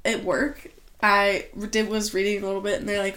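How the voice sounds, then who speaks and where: A woman's voice: mid-range voice, brisk, fairly bright tone. A young woman co-hosting a podcast, talking in a rambling, easily sidetracked way. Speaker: podcast co-host. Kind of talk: casual chat.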